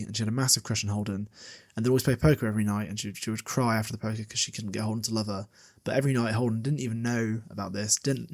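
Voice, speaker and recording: Rambling man recapping a book. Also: lowish voice. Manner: rambling, laughs often, many fillers. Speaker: podcast host.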